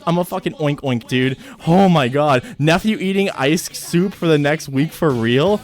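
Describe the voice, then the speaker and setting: A young man chatting with his livestream chat, excitable, swearing freely and repeating himself at home. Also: a little high, moderate pace, faint music behind. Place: home streaming setup.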